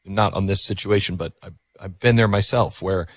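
A man hosting a call-in radio talk show, talking in an earnest, reflective way with halting restarts. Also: low-pitched, fairly even intonation, fairly bright tone, no room sound. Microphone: studio microphone.

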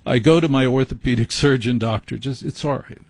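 A man's voice: medium pitch, brisk, a little mellow, no room sound. A man hosting a late-night call-in radio show, telling a rambling, self-deprecating story. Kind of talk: rambling comic monologue. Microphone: studio microphone.

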